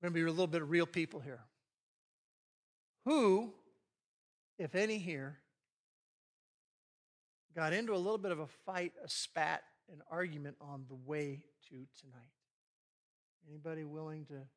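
In a high-pitched, sharp voice, a pastor leads a marriage session, preaching a sermon to a live audience. He animatedly acts out the arguments he quotes.

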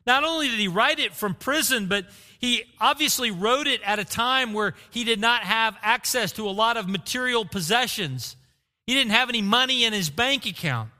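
High bright-voiced pastor preaching. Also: male voice, animated, normal speed. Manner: repeats key phrases, rhetorical questions. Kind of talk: sermon. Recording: long reverb of a church hall.

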